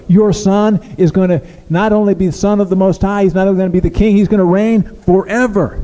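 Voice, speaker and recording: A male pastor preaching a sermon in a conversational, halting way, with frequent restarts and fillers. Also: sits high, steady tone, warm tone, long reverb tail, low-quality recording. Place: church sanctuary.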